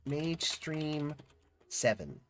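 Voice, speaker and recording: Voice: medium pitch, very animated, slight background noise. A game streamer reading a fantasy video game's narration aloud dramatically and chatting casually about the choices between passages. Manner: reads narration dramatically, then chats quickly about choices.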